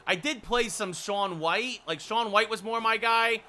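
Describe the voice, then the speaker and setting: A man's voice: high-pitched, unhurried, slight background noise. A man chatting with his livestream viewers while calling hockey play-by-play in a video game. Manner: chatty, switching to excited hockey play-by-play calls. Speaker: streamer. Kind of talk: livestream gaming chat with play-by-play.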